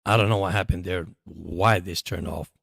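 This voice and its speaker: A man's voice: low voice, fairly even intonation, gravelly, fairly bright tone, husky, no room sound, studio quality. A man hosting a live sports stream, chatting casually and calling the plays as he watches. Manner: chatty, rambling, quick to laugh.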